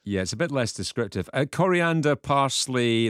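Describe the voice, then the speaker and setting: A man's voice: mid-range voice, expressive, moderate pace, a bit bright, clean tone, dry recording, studio quality. A man hosting a radio phone-in show, chatty as he reads out listener texts and talks with callers. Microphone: studio microphone.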